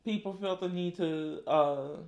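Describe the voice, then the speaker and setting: New Orleans man co-host, slow laid-back delivery, roomy echo. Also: sits high, darkish tone. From New Orleans, Louisiana. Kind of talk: casual chat while eating.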